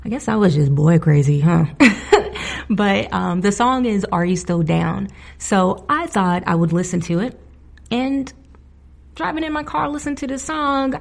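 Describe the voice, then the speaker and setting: Gravelly-voiced woman podcast host. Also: medium pitch. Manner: animated, laughing, indignant. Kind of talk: casual solo podcast commentary.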